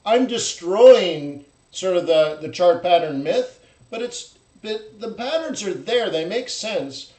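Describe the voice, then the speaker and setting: A man hosting a live trading stream, talking bluntly and animatedly and mocking traders in loud put-on voices. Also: sits high, lively intonation, takes it slowly, echoey room, poor audio. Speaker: forex trading host. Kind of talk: live-stream market commentary.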